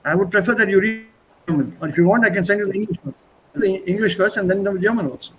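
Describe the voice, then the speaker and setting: A man with a fairly high voice runs an online language class. He is chatty, often repeats his words and shifts from one language to another mid-thought. Faint room ambience sits behind his video-call audio. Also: quick pace, a bit bright, a little hiss or hum, poor audio. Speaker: teacher.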